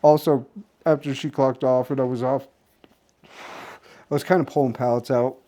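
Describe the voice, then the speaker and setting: A young man recounting his day in a loose vlog ramble, piling up fillers and restarts as he goes. His voice sits in an ordinary middle register with a mellow, relaxed tone. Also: medium pitch, normal speed. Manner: rambling, restarts often, filler-heavy storytelling. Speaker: vlogger. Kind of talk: casual rambling daily vlog recap.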